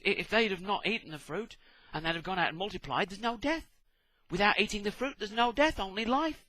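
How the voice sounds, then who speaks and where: A man's voice: high-pitched, sharp tone, poor audio. A British man giving a sarcastic, exasperated comic rant, swearing as he goes. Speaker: vlogger. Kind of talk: ranting comic monologue.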